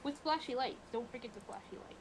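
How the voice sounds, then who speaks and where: Higher-voiced woman playing a tabletop game. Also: fast talker, noisy background. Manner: narrates her character's actions, laughs easily. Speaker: player. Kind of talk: casual tabletop game chat.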